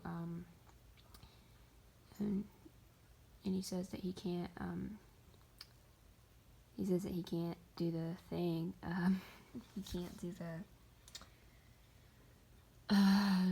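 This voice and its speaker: Young woman vlogger, low-set voice, rambly storyteller who swears a lot. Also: vocal fry, mellow, slight background noise. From greater Pittsburgh area. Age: young adult. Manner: rambling, filler-heavy, swearing and laughing. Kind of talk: casual storytime chat.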